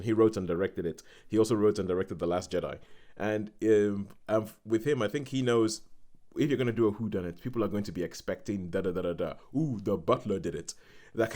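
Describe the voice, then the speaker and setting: A man's voice: lowish voice, a little mellow. A man hosting a podcast, chatting casually about films with a rambling manner and frequent restarts. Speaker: podcast host. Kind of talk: casual film chat.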